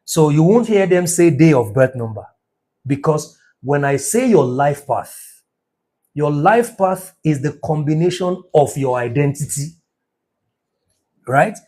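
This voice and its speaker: A man teaching numerology in an emphatic, preacher-like motivational lecture, his voice rising to near shouts. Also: fairly high pitch, expressive, unhurried, pauses often.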